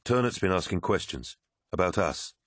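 A man's voice: low voice, expressive, moderate pace, a bit bright, no room sound, studio quality. A man voicing a worried, pragmatic male officer who pleads urgently in a raised voice in an audiobook. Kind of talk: audiobook character voice.

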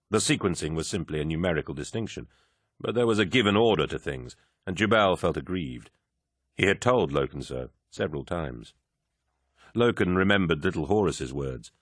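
Audiobook narrator: a man with a very low voice, even delivery, dry studio sound. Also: no echo. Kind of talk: scripted narration.

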